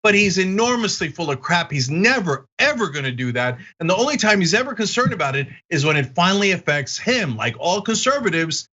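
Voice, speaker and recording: A man's voice: high voice, big pitch swings, fairly quick, few pauses, sharp tone, highs cut off. A man hosting a political commentary show, talking in a combative, mocking way.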